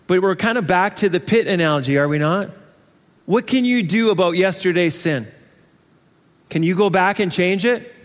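A man preaching an expository sermon in an earnest, conversational way, asking his listeners questions. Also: sits high. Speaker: pastor. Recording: long hall reverb.

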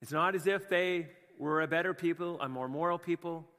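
A Canadian pastor preaching with passion, moving between hushed, quiet stretches and emphatic, fired-up bursts. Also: male voice, a little high, brisk, long reverb tail. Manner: impassioned, swings from hushed to emphatic. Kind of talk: sermon.

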